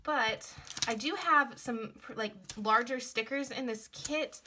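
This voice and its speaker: A woman's voice: fairly high pitch, slow, sharp tone, slight background noise. A young woman chatting casually as she plans in her planner, rambling a little with many fillers, her nose stuffed up from a cold. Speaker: planner vlogger. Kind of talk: casual plan-with-me chat.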